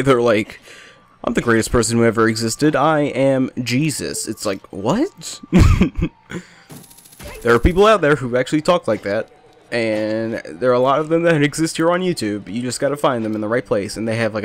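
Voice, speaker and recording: A man's voice: medium pitch, animated, brisk. A young man giving rambling, jokey, self-deprecating commentary over a game at a home desk mic, hopping from topic to topic. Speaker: let's play commentator. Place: small hot bedroom with a fan running.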